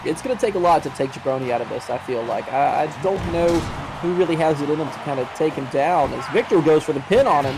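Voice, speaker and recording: A man giving color commentary on a wrestling match in a measured, hedging way, full of "you know" and "I mean.". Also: on the high side, music in the background, poor audio.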